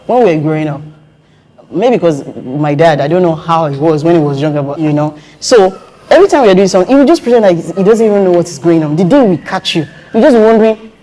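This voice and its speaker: Animated woman, mellow voice. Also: fairly low pitch, fast. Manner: animated storytelling, acts out quoted voices. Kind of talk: casual conversation.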